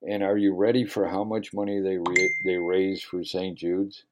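A man's voice: low-pitched, flat delivery, normal speed, background noise. A man hosting a radio talk show, chatting casually and telling jokey, emphatic stories.

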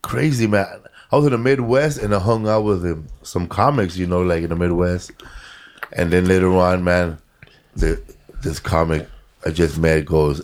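A man co-hosting a podcast, adding short agreeing remarks and a quick story. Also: deep voice, fairly even intonation. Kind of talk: casual podcast banter.

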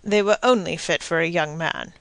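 A woman's voice: fairly low pitch, moderate pace, a bit bright, no echo. Woman reading as a pompous cajoling banker. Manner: smooth, cajoling. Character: pompous middle-aged male banker, wheedling.

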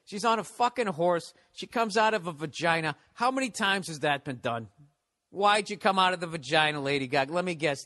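A man's voice: fairly high pitch, bright, forceful tone, no room sound. A middle-aged man hosting a podcast, telling a rambling, profane comedic rant. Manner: profane, ranting. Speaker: podcast host.

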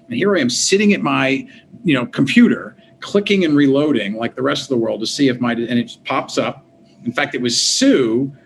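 Middle-aged male guest, mid-pitched, lively storyteller who restarts often, with a light hiss behind him. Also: creaky, rough recording. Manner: animated, quick restarts, quotes himself and others. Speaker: interview guest. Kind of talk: conversational storytelling.

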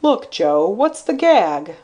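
A woman voicing a fat, brash man who talks in a loud, blunt drawl. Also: medium pitch, sing-song, slow. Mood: gruff.

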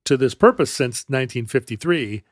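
A man in middle range co-hosts a podcast, telling a history tale in a casual, meandering way. He pauses, restarts and hedges often, with a wry turn. The sound is dry and close, with no room around it. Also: mid-range voice, lively intonation, dry recording. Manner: halting, many restarts and fillers, wry. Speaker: podcast co-host. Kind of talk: casual conversational storytelling.

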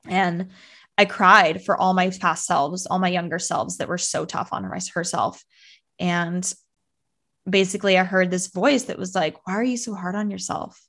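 A woman's voice: on the low side, gravelly, a bit bright. A young woman telling a personal story as a podcast guest, talking casually with many fillers and acting out her past thoughts.

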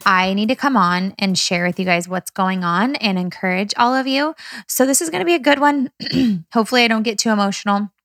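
Young woman, business coach vlogger, candid and emotional, casual with fillers, dry sound, mid pitch. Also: a little fast, a bit bright, no room sound, soft background music. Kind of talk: casual personal vlog.

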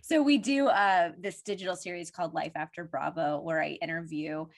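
A woman's voice: sits low, a little fast. A woman co-hosting a podcast in casual chat, thoughtful and musing. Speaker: podcast co-host and interviewer.

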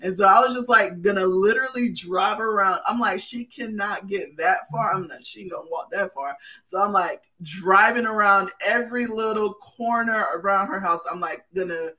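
A woman's voice: mid-range voice, normal speed, sharp tone. A woman chatting as a guest in an earnest, plain-spoken way, her voice sounding a little distant from the microphone. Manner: earnest, plain-spoken, calls herself not talkative. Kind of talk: casual chat.

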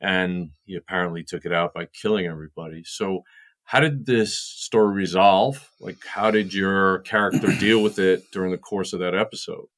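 A man hosting an interview, giving short listening replies and asking measured questions. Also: low voice, fairly even intonation, a bit bright. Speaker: interview host. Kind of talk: casual interview.

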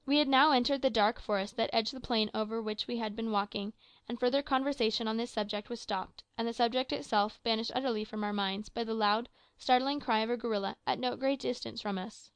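A woman reading an adventure story aloud in measured narration, raising her voice for the quoted lines. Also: a little high, steady tone, smooth, no room sound. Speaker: audiobook reader. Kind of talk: scripted narration.

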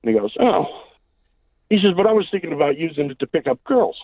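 A man's voice: on the high side, expressive, quick pace, slightly rough, no echo. A man calling in to a radio talk show, telling a long rambling joke full of fillers and repeated "he says". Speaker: caller. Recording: phone line.

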